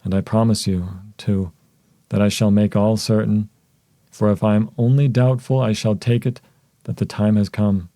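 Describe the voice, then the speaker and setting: A man reading as a rough, earnest man. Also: fairly low pitch, steady tone, normal speed, dark tone, dry recording, lightly acted.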